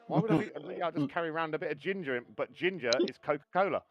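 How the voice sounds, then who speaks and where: A man's voice: fairly high pitch, rapid-fire, highs cut off. Joking, foul-mouthed gaming streamer man. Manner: joking, swears freely, storytelling. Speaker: sim racing co-op streamer. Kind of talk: casual gaming banter.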